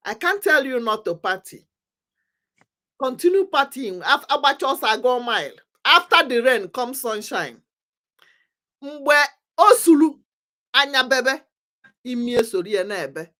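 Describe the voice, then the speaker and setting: Nigerian woman, fervent community talk, emphatic and repetitive, fairly high voice that swings widely. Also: fairly bright tone. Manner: emphatic, repetitive, preaching urgency. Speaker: commentator on community affairs. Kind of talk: impassioned talk mixing English, Pidgin and Igbo.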